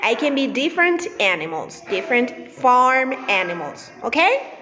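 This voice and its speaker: High-voiced lady teacher talking slow and sing-song to kids, echoey noisy room. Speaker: children's English teacher. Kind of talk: kids' lesson with songs. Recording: reverberant room with steady noise.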